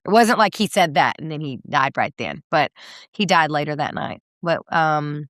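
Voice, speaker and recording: A woman in her thirties, a singer guest in a candid interview, telling a personal story with many fillers and soft laughs. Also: low voice, expressive, moderate pace, no echo, clean studio sound.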